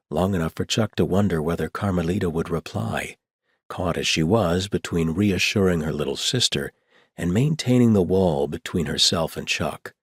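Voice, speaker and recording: A man narrating an audiobook in a steady storytelling delivery, on a close studio mic. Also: low-pitched, moderate pace, slightly rough, dry recording. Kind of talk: scripted narration.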